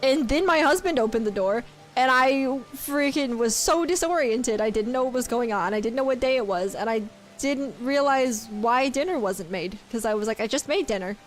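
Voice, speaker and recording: High-voiced giggly woman streamer. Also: expressive, moderate pace. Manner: chatty, giggly, reads chat aloud. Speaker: game streamer. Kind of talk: casual livestream chat.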